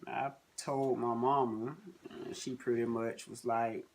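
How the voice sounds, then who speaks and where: A man's voice: mid-range voice, level tone, measured pace, darkish tone. A man joining his wife on a vlog, chatting casually in short, laid-back remarks. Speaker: husband guest on vlog. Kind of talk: casual chat.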